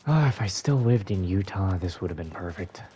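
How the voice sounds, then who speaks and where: A man's voice: sits low, lively intonation, moderate pace, mellow. A young man giving chatty, rambling commentary while playing a video game. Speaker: gaming YouTuber. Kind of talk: casual let's-play commentary.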